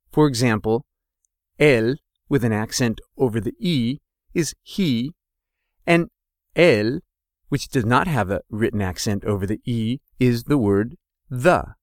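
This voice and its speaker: Man, language teacher, scripted lesson, slow delivery, animated pitch. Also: dry recording, studio quality. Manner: slow, deliberate, carefully sounds out each example word.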